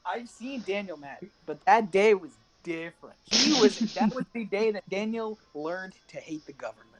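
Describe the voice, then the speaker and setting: A man's voice: sits high, expressive, moderate pace, a crowd in the background. A teenage boy in casual podcast chat, teasing a friend and laughing. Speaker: podcast co-host.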